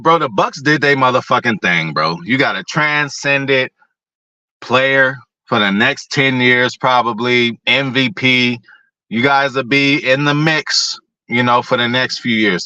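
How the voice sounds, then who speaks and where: A man's voice: mid-range voice, unhurried, bright, forceful tone, no echo, muffled recording. Profane, rambling male sports fan host. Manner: talks to chat viewers by name. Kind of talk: casual sports talk.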